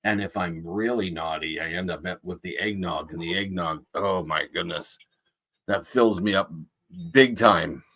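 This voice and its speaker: A man playing Santa Claus, chatting to children in a rambling, folksy way with a husky voice. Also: sits low, a little slow, a bit bright, full character voice. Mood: jolly. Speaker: Santa performer greeting children. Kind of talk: casual in-character chat.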